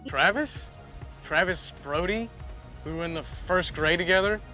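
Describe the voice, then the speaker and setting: An actor playing a friendly young country ranch hand in a film, easygoing. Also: male voice, sits high, moderate pace, pushed and bright, soft background music.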